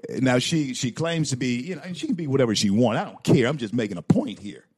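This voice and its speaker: Hosting a talk show, a man delivers opinionated political takes in a fast, husky, expressive mid-range voice. He is emphatic, repeats lines for effect, and stammers into restarts. The sound is studio quality with no room sound.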